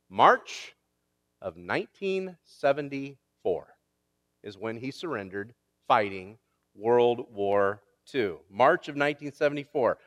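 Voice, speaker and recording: A man's voice: mid-range voice, fairly bright tone, in a large hall. A male pastor preaching a sermon, driving his points home with repetition and rising emphasis.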